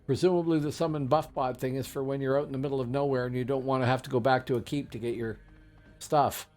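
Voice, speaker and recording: A man's voice: mid-range voice, steady tone, quick pace, darkish tone, faint music behind. A man giving casual, rambling gameplay commentary as a streamer, chatty with many fillers and asides. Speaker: game streamer.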